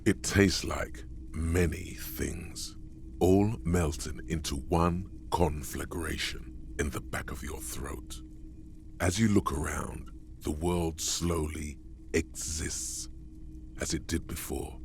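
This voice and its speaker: Grave game narrator; extremely deep, slow and poetic, with faint noise underneath. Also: male voice, steady tone, heavily acted. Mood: solemn. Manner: slow, weighty, poetic delivery. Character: solemn older male game narrator, grave and knowing. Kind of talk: scripted dramatic narration.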